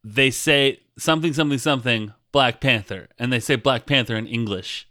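A man co-hosting a podcast in casual chat, joking with quick asides. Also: mid-range voice, pushed and bright, no echo, studio quality. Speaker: podcast co-host.

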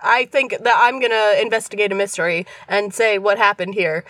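A woman's voice: medium pitch, fairly even intonation, brisk, a bit bright. A woman playing in a tabletop game, talking in an earnest, rambling way. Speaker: player. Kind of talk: tabletop role-play.

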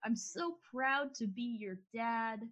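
A heartfelt, earnest father , voiced by a woman game master, stumbling a little over his words in a tabletop story. The voice stays fairly high and close to her own. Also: a bit bright, husky, full character voice. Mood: proud. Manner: heartfelt, halting. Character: proud, earnest middle-aged father.

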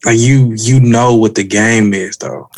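A man's voice: fairly low pitch, fairly even intonation, a little slow, darkish tone, dry recording. A man co-hosting a podcast, laid-back, repeating words for emphasis. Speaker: podcast co-host. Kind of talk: casual chat.

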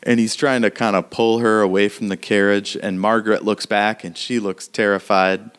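A man runs a tabletop game as game master. He narrates casually and fills his talk with fillers. His voice sits somewhat low. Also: flat delivery, moderate pace, fairly bright tone, clear, resonant tone.

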